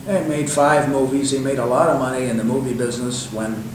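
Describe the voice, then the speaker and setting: The speaker is an older man appearing as an interview guest, telling long, wandering stories with many fillers and restarts. His mid-range voice stays fairly flat in pitch and runs a little fast. Expect room echo, a distant mic, and light hiss.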